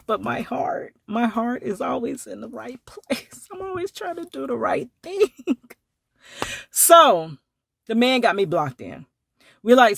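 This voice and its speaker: Animated woman telling a storytime vlog. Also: normal speed, vocal fry, no echo, studio quality. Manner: animated, acts out quotes with big pitch jumps, laughs often. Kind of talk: casual storytime monologue.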